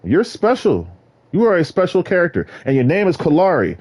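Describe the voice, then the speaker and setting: A man rambling in a solo vlog monologue, jumping between topics and bursting into sudden excited exclamations. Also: sits high, brisk. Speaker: vlogger.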